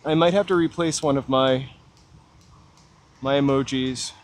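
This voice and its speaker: Unhurried and mid-range in pitch, this middle-aged man walks downtown city streets and tunnels on a casual live-stream. Between chats with viewers he makes self-deprecating jokes. The recording holds faint street noise and city traffic ambience.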